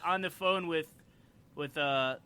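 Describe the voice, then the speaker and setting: A man's voice: fairly high pitch, slow, pushed and bright, smooth. A man co-hosting a podcast in casual chat, chiming in with jokes and reacting with laughter. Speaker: podcast co-host.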